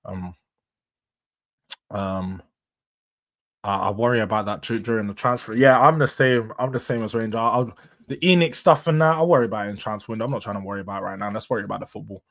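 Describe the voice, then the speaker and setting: A young man runs a relaxed live stream. He talks in easy street slang and laughs often, chatting loosely with his viewers. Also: lowish voice, fast. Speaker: livestream host. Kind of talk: casual stream chat.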